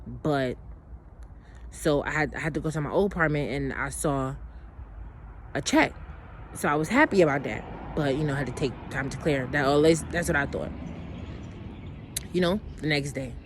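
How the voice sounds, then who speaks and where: A woman's voice: low-pitched, normal speed, pauses often, a little hiss or hum. Blunt, emotional woman telling a story. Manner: emotional, blunt, swears freely; rambling with frequent restarts and asides. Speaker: vlogger telling a personal story. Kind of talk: casual storytime monologue.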